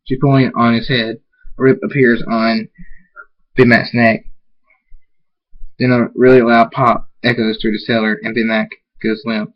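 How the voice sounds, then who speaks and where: A man reading fan fiction aloud, halting and restarting words as he goes. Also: medium pitch, little pitch movement, dull audio. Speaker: amateur reader.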